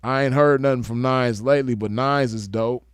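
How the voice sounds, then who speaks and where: A man's voice: mid-range voice, fairly even intonation, normal speed, clean tone, no room sound, studio quality. A young man from the West Coast giving laid-back, slangy commentary with frequent chuckles. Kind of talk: casual commentary.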